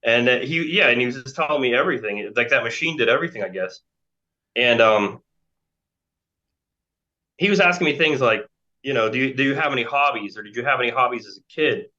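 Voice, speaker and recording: Heard on a dull, lo-fi recording, a fortysomething American man tells a long story as an interview guest, wandering off track with plenty of fillers and restarts. His mid-range voice is bright and forceful, moving fairly quickly but pausing often.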